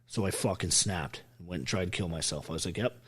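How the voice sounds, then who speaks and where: A husky man from Canada speaks in a fairly low voice as a podcast guest. He tells his life story bluntly, with hard swearing and driving intensity. An army veteran who never softens his words. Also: quick pace. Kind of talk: raw personal storytelling in a podcast interview.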